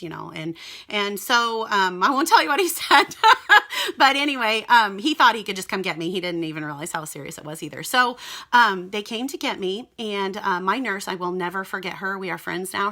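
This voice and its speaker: A young woman recounts a personal testimony in a casual, earnest spoken style. She talks straight to her audience, and her voice is bright and clear. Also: mid-range voice. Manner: earnest, emotional, addresses viewers as "you guys". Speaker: mother sharing a personal testimony.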